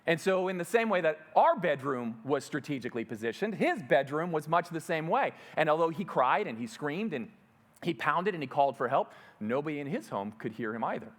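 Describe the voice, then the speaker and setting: A man's voice: on the high side, very animated, brisk. A middle-aged male pastor telling a story in a sermon, vividly acting out the moments he describes.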